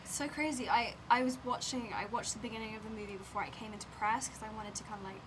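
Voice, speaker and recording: A young woman, an actress, chatting quickly and gushingly in a press interview. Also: fairly high pitch, fairly even intonation. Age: young adult. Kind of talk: casual press-junket chat. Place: hotel room at a press junket. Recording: noisy room ambience.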